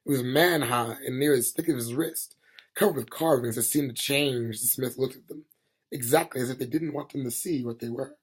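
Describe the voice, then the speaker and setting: Husky man reading a novel aloud. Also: medium pitch, moderate pace. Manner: plain, steady reading with small slips. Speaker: reader. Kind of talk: amateur audiobook reading.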